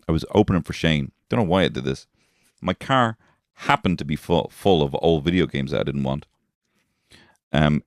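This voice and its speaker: Dublin comedian, 30s, man, extremely deep voice, dry close recording, rambling self-mocking podcast chat with casual swearing. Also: dry recording. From Dublin, Ireland. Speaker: comedian host.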